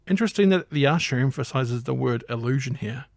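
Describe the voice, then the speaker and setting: A man hosting a podcast, narrating a film recap in a playful, deadpan joking way. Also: mid-range voice, a little fast, gravelly, no room sound, studio quality. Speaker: podcast host.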